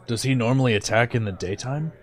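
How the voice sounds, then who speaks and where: A man's voice: mid-range voice, quick pace. A man playing a tabletop game, joking dryly and hesitantly. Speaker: player.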